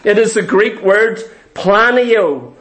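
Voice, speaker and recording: A man preaching a sermon, emphatic and deliberate, repeating phrases for stress. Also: high voice, expressive, a bit bright, low-quality recording. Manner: slow, deliberate delivery.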